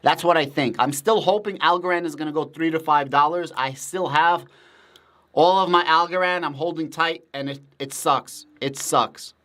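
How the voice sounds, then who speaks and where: A native Russian speaker hosts a casual livestream, replying to viewer comments bluntly, emphatically, and with profanity. His voice is slightly high and bright, at a moderate pace.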